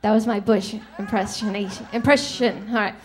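A woman's voice: medium pitch, fairly even intonation, normal speed. A woman comedian doing a stand-up set, giggling as she tells a joke and acts out voices.

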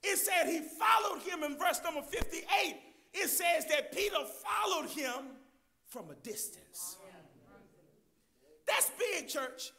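High-pitched shouting preacher man. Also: sing-song, slow, a little hiss or hum. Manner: preaching loudly, addressing the congregation as church. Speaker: pastor. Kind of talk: sermon.

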